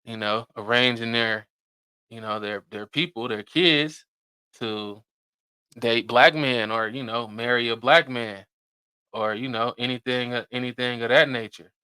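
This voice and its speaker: Casting: male podcast host, rambling slangy delivery, bright crisp voice, close dry mic. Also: medium pitch, measured pace, dry recording. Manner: loose, rambling, many fillers and restarts, slangy. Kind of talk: casual podcast commentary.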